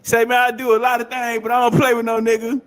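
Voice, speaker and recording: A man with a very high voice reacts to a clip. He talks in a loud, profane, rambling way, breaking into laughter often. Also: monotone, quick pace. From South Carolina. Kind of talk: casual reaction commentary.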